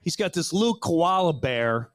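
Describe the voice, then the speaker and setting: A middle-aged man hosting a live podcast show, telling comic stories with lots of laughing and quick impressions. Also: fairly high pitch. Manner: animated, laughing, slips into voices of other people. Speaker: podcast host. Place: live show in front of an audience.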